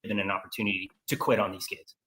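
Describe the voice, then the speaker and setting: Father, low voice, fast and fired up. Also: little pitch movement, pushed and bright, rough recording. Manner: angry, emphatic, repeats words. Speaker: victim's father in interview. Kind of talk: emotional interview.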